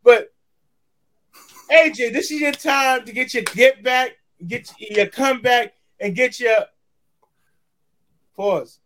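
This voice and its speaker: A man's voice: extremely high pitch, slow, pauses often, bright, forceful tone. A man co-hosting a live sports talk show, hyped and goofy, firing up a fighter. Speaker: co-host. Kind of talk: casual live-show chat.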